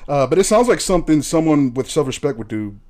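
A man's voice: on the high side, quick pace. Guy cohosting a podcast, voice jumps all over, jokey, cracks up a lot. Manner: lively, laughs often, joking. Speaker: podcast co-host. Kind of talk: crude casual banter.

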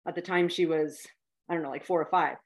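A woman in her fifties, a guest telling a personal story in a heartfelt, animated way with many fillers. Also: low-pitched, quick pace. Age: 50s.

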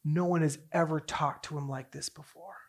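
A man preaching a sermon as pastor, moving between hushed storytelling and raised, emphatic passages. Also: on the high side, steady tone, normal speed.

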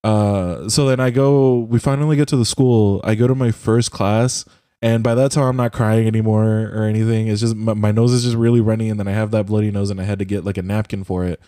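Young guy, mellow tone, dry close computer mic, rambling and profane casual storyteller. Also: on the low side, steady tone, brisk, no echo. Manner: rambling, profane, heavy use of "like". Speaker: podcast co-host. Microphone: computer mic on a voice call.

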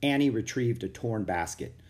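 A man narrating a children's chapter book aloud in a steady, expressive reading. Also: on the low side, moderate pace. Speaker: audiobook narrator. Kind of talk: storybook read-aloud.

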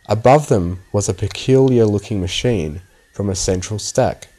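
A man narrating a fan story aloud with a steady, scripted storytelling read. His voice sits low for a man. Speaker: audiobook narrator.

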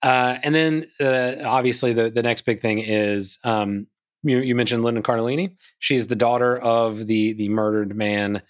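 A man's voice: mid-range voice, steady tone, normal speed. Chatty man recapping with dry humor. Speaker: podcast host. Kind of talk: casual chat.

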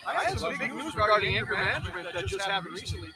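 A man representing a nonprofit, explaining its programs to the public in a brisk, matter-of-fact way at an outdoor festival. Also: sits high, sing-song, a loud crowd. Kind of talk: informative pitch to the public. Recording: distant mic with loud background noise.

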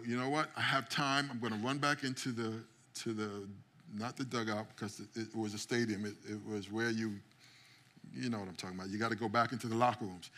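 A middle-aged man preaching a sermon as pastor, telling stories and acting out quotes, building up to loud climaxes. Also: medium pitch. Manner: storytelling, acts out quotes, builds to shouting climax.

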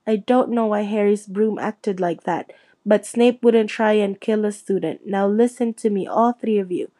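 Hagrid, a woman doing a gruff giant gamekeeper. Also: medium pitch, normal speed, mellow, natural voice. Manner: gruff, hotly insistent. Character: big gruff gamekeeper man, blustering and loyal.

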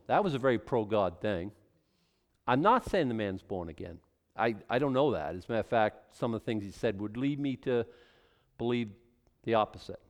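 A male pastor teaching verse by verse in a conversational sermon, animated and prone to restarting his sentences. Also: on the high side, in a large hall. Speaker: pastor teaching a Bible study.

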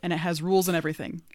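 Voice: mid-range voice, no echo, clean studio sound. A podcast co-host chatting casually about tabletop games, laughing often and making playful asides.

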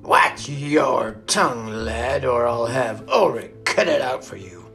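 A man's voice: mid-range voice, animated, takes it slowly, creaky, soft background music, heavily acted. A man voicing a blustering, bullying male deputy warden who mocks and threatens his captives. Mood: sneering. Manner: mocking, threatening, loud.

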